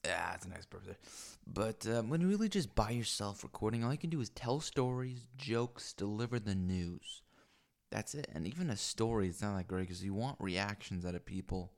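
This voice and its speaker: A man rambles to himself on a stand mic in a small home room, crude and full of fillers and false starts. His voice sits low with a gravelly fry running through it. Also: animated, normal speed. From lives in Los Angeles. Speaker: solo podcaster. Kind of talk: rambling solo monologue. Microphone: microphone on a stand.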